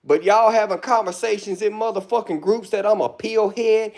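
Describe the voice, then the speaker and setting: A man speaking rants on a live stream. His voice sits high for a man and carries a gravelly rasp. He rambles, hurls insults and keeps circling back to the same complaints. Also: moderate pace, a little mellow. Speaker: livestream host. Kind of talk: profane rant on a live stream.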